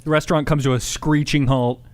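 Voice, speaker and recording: A man co-hosting a podcast, asking quick follow-up questions in casual chat. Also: on the high side, fairly even intonation, darkish tone. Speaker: podcast co-host.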